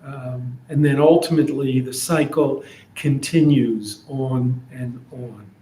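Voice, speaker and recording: A man teaching an adult education class on a scripture story, in an easygoing, thoughtful way with many pauses and fillers, in a synagogue classroom. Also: mid-range voice, fairly even intonation, dark tone, a little hiss or hum. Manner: slow, thoughtful, with frequent hesitations. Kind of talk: informal Torah class. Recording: roomy echo.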